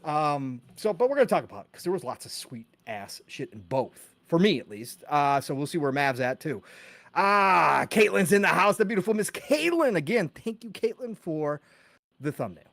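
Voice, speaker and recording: A man hosting a casual gaming podcast live stream, talking excitedly and reading out chat names with quick greetings and casual swearing. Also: fairly high pitch, no room sound. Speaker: podcast host.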